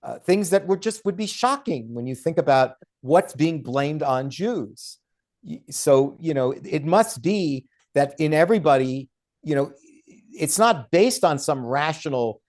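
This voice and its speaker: A man's voice: on the high side, expressive, moderate pace, a little mellow. Emphatic male guest arguing hard. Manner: emphatic and argumentative, with mocking quoted voices. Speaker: guest author and law professor. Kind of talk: podcast interview.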